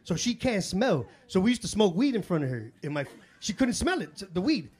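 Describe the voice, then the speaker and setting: A man doing live stand-up comedy in a club, telling stories in a profane, excitable way. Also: sits high, brisk, husky. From Chicago. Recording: live club with audience laughter. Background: crowd laughter and room noise.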